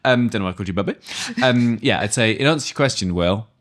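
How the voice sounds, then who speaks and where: A man's voice: fairly low pitch, fast, fairly bright tone. A man, co-hosting a podcast in casual chat, full of jokey asides. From England, raised in Wales. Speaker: podcast co-host.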